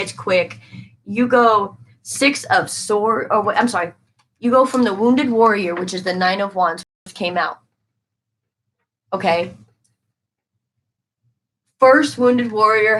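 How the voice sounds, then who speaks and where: A woman's voice: medium pitch, measured pace, long pauses, a bit bright, low-quality recording. A woman giving a live-stream tarot reading, talking casually and emphatically to her viewers and answering their comments as she goes.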